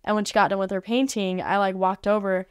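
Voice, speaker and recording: A woman guest on a podcast recalls an experience in a relaxed, chatty way, filling her sentences with "like". Her voice is smooth and clear and sits at an ordinary middle pitch. The sound is dry and close, with no room echo. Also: fairly quick. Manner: chatty, peppered with "like" fillers. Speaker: podcast guest, art facilitator. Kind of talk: casual storytelling. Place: podcast studio.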